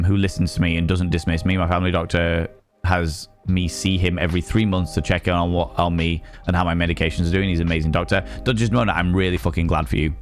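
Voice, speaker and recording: On his live stream, a low-voiced young man reads chat messages aloud. His talk is loose and meandering, full of jokes and swearing.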